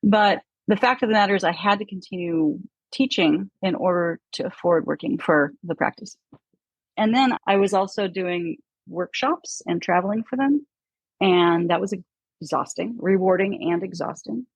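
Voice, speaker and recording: Gravelly, husky woman telling stories. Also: on the low side, normal speed, dry recording, poor audio. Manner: animated storytelling, mimics others in hushed voices. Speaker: guest. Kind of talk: casual chat.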